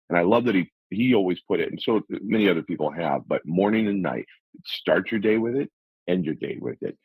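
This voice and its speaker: A man's voice: deep voice, a little mellow, slightly rough, dry recording, rough recording. A man on a radio talk show, coaching listeners through numbered self-help steps in an earnest, motivational way. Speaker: life coach guest.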